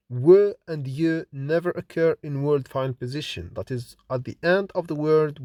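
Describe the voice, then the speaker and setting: A man's voice: mid-range voice, darkish tone, dry recording, studio quality. A man teaching a recorded phonetics lesson, reading example words one by one for the listener to repeat. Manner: slow, deliberate drilling of example words for repetition. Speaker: phonetics lecturer.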